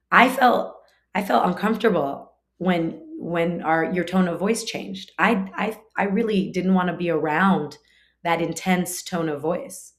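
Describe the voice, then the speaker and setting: A woman teaching a spiritual class in a conversational way, full of fillers and restarts, now and then acting out short quoted lines. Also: on the low side. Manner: acts out short quoted lines in her talk.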